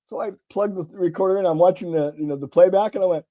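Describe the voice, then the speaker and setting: A middle-aged man from California chats as an interview guest, animated and a little profane as he acts out the people in his anecdotes. His voice sits a touch high yet sounds mellow and relaxed. The recording is somewhat dull and lo-fi. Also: fast. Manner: animated storyteller acting out dialogue, casual swearing. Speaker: guest sales author. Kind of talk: conversational interview storytelling.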